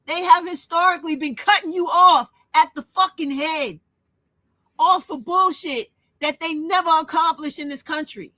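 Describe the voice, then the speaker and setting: A woman's voice: extremely high pitch, moderate pace, sharp tone, no echo. A woman hosting her own channel, delivering a blunt, profane, emotional monologue. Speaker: channel host. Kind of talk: impassioned monologue rant.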